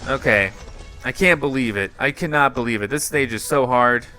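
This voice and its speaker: A man hosting a reaction channel and playing a mobile game, his commentary swinging between muttered frustration and loud yelps. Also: medium pitch, moderate pace, faint music behind. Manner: dramatic swings from muttering to yelling. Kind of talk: excitable gameplay commentary.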